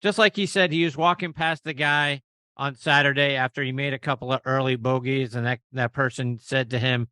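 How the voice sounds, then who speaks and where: A man's voice: mid-range voice, fairly even intonation, a little fast, bright, forceful tone, smooth, no room sound. A man hosting a golf podcast, asking an upbeat interview question and laughing along with his guest. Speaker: podcast host.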